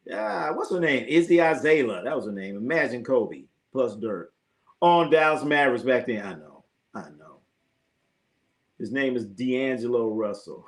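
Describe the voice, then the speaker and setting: A man's voice: mid-range voice, normal speed. A man hosting a casual sports livestream. He reads out viewer comments, rambles, repeats himself, swears and laughs often. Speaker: sports talk livestream host. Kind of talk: casual live-stream chat reading viewer comments.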